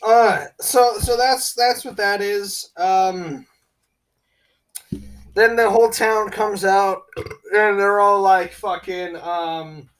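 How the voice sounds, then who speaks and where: A man's voice: high-pitched, steady tone, slow pace, long pauses, fairly bright tone, poor audio. A young man co-hosting a podcast, retelling a film's plot in a crude, rambling, joking way. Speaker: podcast co-host. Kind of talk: casual comedic film review chat.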